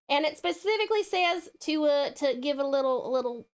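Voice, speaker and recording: A bubbly woman chatting on a live stream, warmly greeting viewers by name and showering them with pet names. Her voice is high and very lively, swooping up and down. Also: a little fast, hardly any pauses. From Tasmania, Australia. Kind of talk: casual live-stream chat.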